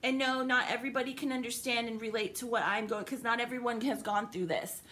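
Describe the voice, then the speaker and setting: A woman's voice: on the high side, fairly even intonation, quick pace, fairly bright tone. A young woman venting in an angry, profane, sarcastic rant to the camera, upset and livid. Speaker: vlogger.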